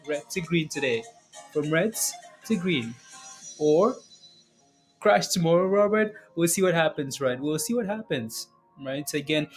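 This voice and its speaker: Guy doing a live stocks stream, greets chat, keeps saying right?, soft music behind. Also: fairly high pitch. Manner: chatty, repeats himself, ends points with "right?". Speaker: livestream stock market host.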